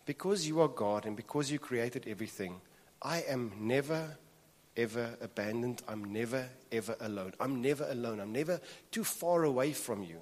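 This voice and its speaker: A man's voice: mid-range voice, animated, moderate pace, a little mellow. Guy preaching a sermon, earnest, says stuff over and over, big echoey church hall. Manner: earnest, repeats phrases for emphasis. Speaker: pastor.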